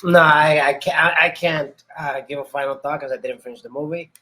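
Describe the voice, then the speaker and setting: A man's voice: on the high side, fairly even intonation, a little fast, pushed and bright. Joking man hosting a podcast. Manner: joking, playful asides. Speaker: podcast host. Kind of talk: casual chat.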